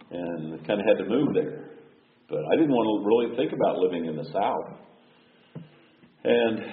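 Low male pastor, easygoing conversational sermon, echoey sanctuary, tinny phone-like sound. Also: distant mic. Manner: folksy, conversational, clears throat often. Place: church sanctuary. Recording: echoey hall over a thin phone-like line.

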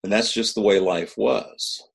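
A man from Kansas giving a recorded sermon as pastor, speaking in an earnest, measured way and rising in pitch to stress key words. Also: fairly even intonation, vocal fry, breathy edge.

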